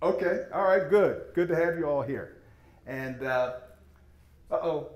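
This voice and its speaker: A man's voice: on the high side, unhurried, muffled recording. A man giving an enthusiastic, folksy sales presentation with slides to a seated audience. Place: meeting room with audience. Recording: echoey room.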